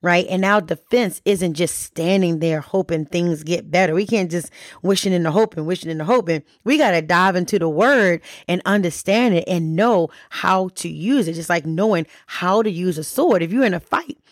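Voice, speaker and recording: A middle-aged woman with a fairly low voice hosts a faith podcast. She teaches in a relaxed, conversational way and keeps checking in with the listener. The sound is dry and close, with no room around it. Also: normal speed, no echo. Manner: conversational, keeps asking "right?". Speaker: podcast host.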